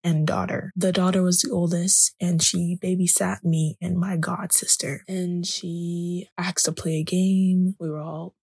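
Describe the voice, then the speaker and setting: A young woman hosting a podcast, telling her personal story in a soft-spoken way that often drops to a whisper. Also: on the low side, little pitch movement, a little slow, hardly any pauses, husky, no echo. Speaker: podcast host.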